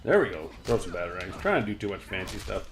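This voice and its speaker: A man's voice: deep voice, big pitch swings, quick pace, music in the background. A man casually chatting and rambling about comics while reacting aloud to the video game he is playing. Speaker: gaming channel host.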